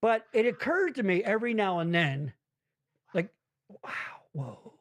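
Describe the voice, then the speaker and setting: A man's voice: high voice, very animated, measured pace. A man hosting a casual comedy podcast from his basement, profane and rambling, reading chat comments aloud. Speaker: podcast host. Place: home basement.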